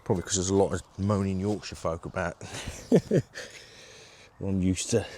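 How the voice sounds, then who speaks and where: A man's voice: sits low, flat delivery, fast talker, mellow. A man casually talking through setting up a fishing shelter outdoors in his garden, narrating each step while holding his camera one-handed. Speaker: angling vlogger demonstrating gear. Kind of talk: casual demo talk to camera. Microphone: handheld video camera.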